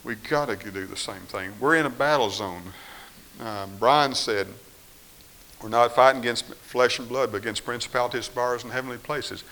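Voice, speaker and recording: Bright-voiced man preaching a sermon. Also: medium pitch, moderate pace, rough recording. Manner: shifts between quiet firmness and raised, pleading voices.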